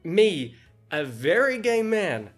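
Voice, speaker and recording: Male podcast host, light high-ish voice, chatty and animated, plays out quoted dialogue. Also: slow pace, soft background music. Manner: animated, laughs often, acts out quoted dialogue. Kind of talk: casual storytelling monologue.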